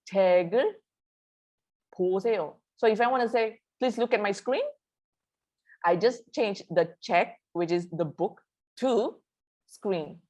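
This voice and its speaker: A woman leads a live online language lesson. She models each phrase slowly and repeats it for her students to echo. She slips between languages mid-sentence, speaking at an ordinary mid-range pitch. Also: a little mellow. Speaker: language teacher.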